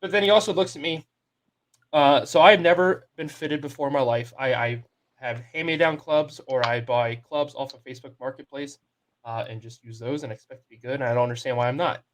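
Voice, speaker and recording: A man's voice: mid-range voice, fairly quick. Casual young man telling a story. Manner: animated storyteller, quotes people in his story. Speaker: podcast co-host. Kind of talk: casual sports podcast storytelling.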